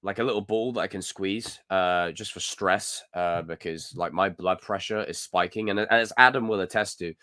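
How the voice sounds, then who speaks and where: A young man with a Scottish accent chats live with his viewers, ranting and joking in an animated way. His voice sits a little low but sounds bright and forceful. The sound is dry and close. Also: normal speed, few pauses, no echo. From Scotland. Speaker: livestream host. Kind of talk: casual live chat reading comments.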